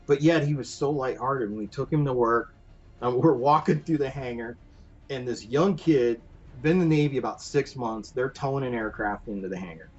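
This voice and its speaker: A man guest on a podcast, telling a long story in an animated, rambling way full of fillers. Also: mid-range voice, slightly rough. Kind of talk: casual anecdote telling. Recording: dull lo-fi podcast audio with faint music.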